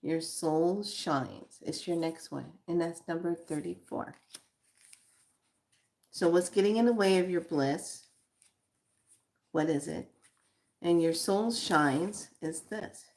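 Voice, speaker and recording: A woman giving a guided spiritual card reading, slow and reflective, repeating her questions to the listener. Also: lowish voice, a little mellow.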